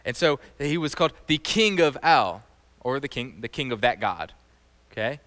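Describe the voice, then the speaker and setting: A man giving an animated, conversational sermon as a teacher, often quizzing his audience. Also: medium pitch, normal speed. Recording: long hall reverb.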